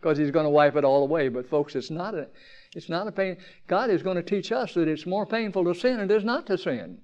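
A man preaching a sermon at a campground meeting, asking the crowd rhetorical questions, swinging from emphatic peaks down to quiet, low passages. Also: animated, brisk, muffled recording.

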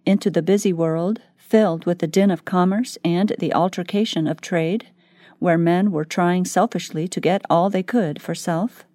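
A woman reading a devotional book aloud in scripted narration, slow and measured. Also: fairly low pitch, steady tone, mellow, no room sound, clean studio sound. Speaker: audiobook reader.

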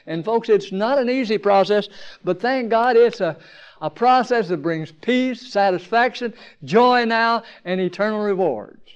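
Preacher, male, high-pitched, shifts between emphatic peaks and quiet asides, lo-fi sermon tape. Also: expressive, a little slow, smooth. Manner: rhetorical questions, rising to emphatic peaks then dropping low. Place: campground meeting.

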